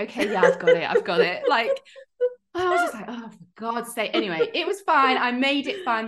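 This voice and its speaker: A woman, co-hosting a podcast and telling a story in a lively, casual way, acting out quoted lines. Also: a little high. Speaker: podcast co-host.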